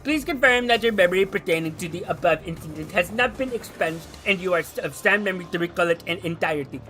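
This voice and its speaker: A man voicing a stern corporate enforcement officer who reads out a formal arrest in a measured, bureaucratic way. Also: sits high, lively intonation, sharp tone, soft background music.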